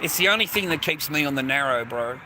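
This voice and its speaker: An Australian man with a high-leaning, expressive voice talks fast and rambles crudely on a livestream from a train station. He swears constantly and greets viewers by name, with faint street noise behind him.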